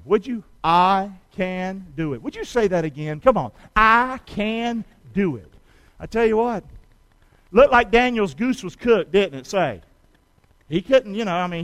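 A man's voice: high voice, no echo, poor audio. A middle-aged American man preaching a sermon. He tells stories in a folksy way and has the congregation repeat lines after him. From United States. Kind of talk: sermon with call and response.

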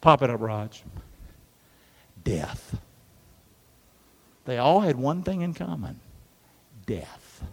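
Animated preacher in a reverberant hall. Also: male voice, mid-range voice, slow pace, creaky, pauses often. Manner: animated, call-and-response preaching with acted-out biblical voices. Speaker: pastor. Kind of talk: sermon.

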